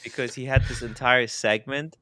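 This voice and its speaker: A man co-hosting a casual podcast panel chat, rambling with frequent halting restarts. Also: mid-range voice, steady tone, crowd noise. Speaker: podcast co-host. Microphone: studio mic.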